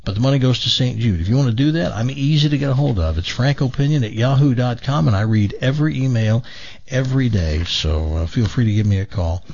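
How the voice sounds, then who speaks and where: A man's voice: medium pitch, lively intonation, a little fast, creaky, a little mellow, highs cut off. A man hosting a talk radio show, chatting folksily with plenty of fillers and telling a joke.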